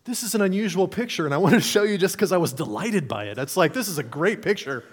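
A man's voice: high voice, expressive, fast, husky. Conversational male pastor preaching. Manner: conversational, playful, acts out imagined voices. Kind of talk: sermon.

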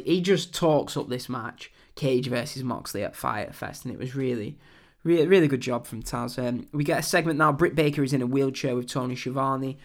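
A young English man hosting a wrestling podcast, recapping a show in a chatty, rambling way with lots of ums. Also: medium pitch. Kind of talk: casual show review.

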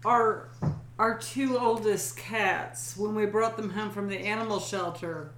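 A woman's voice: mid-range voice, fairly even intonation, a little slow, a bit bright, slight background noise. Woman swearing in an echoey room. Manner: profane, laughing storyteller. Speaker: podcast co-host. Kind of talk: casual chat.

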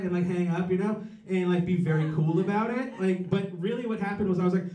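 A man doing a rambling, profane stand-up set with dark jokes. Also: high-pitched, quick pace, roomy sound, recorded from a distance, slight background noise, rough recording. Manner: rambling, profane, darkly joking. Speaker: stand-up comedian.

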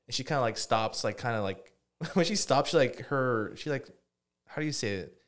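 A man's voice: medium pitch, expressive, moderate pace, fairly bright tone. A man co-hosting a podcast, telling a rambling story in casual chat with lots of fillers and swearing. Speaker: podcast co-host.

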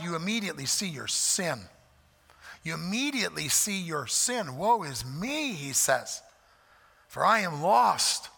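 A man preaching in a high, gravelly voice with a bright, forceful edge. He is earnest and repeats key lines for weight. His words ring out with a long reverb, as in a large church sanctuary. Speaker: pastor. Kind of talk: sermon.

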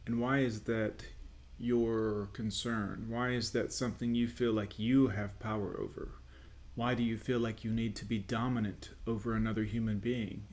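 A man's voice: fairly low pitch, level tone, normal speed, darkish tone. A man hosting a commentary show, reacting to clips in a lecturing, scornful way. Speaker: host.

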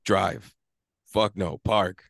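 A man with a low-pitched voice tells a rambling, animated story in casual podcast chat. He swears freely and acts out arguing with himself. The sound is dry and close. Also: extremely slow, gravelly, no room sound. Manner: animated storytelling, swears often, acts out his inner argument. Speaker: podcast co-host.

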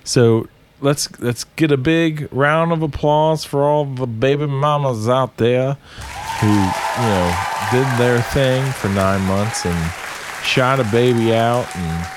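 A man co-hosting a podcast, opening the show and making deadpan, mock-serious jokes in casual chat. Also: medium pitch, takes it slowly, a faint crowd, a little hiss or hum. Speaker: podcast co-host.

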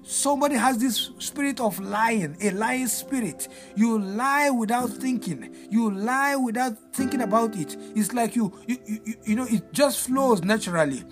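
A man's voice: very high-pitched, moderate pace, hardly any pauses, faint music behind. A male pastor delivering a fervent deliverance sermon, repeating phrases in a sing-song preaching cadence.

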